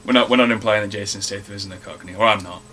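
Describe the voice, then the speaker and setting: A man's voice: on the low side, steady tone, racing, bright, forceful tone, slight background noise. A man co-hosting a casual film review chat, talking in a chatty way and swearing freely.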